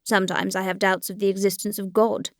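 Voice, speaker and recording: A woman reading the part of a troubled young man full of doubt, speaking haltingly and uneasily. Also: mid-range voice, little pitch movement, no room sound, clean studio sound, lightly acted. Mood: uneasy. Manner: halting, uneasy inner speech.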